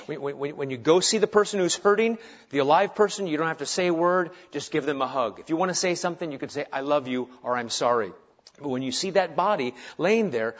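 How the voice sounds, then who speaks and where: A middle-aged man preaching a sermon as pastor, swinging between loud urgent delivery and soft hushed tenderness. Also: fairly high pitch, fast talker. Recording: dull lo-fi sermon recording.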